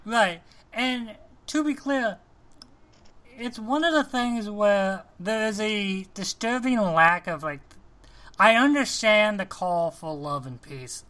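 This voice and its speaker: A man co-hosting a casual talk show about films, animated and often restarting his sentences. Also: high-pitched, slow pace. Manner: animated, restarts often, acts out quoted lines. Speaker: podcast co-host. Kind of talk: casual film discussion.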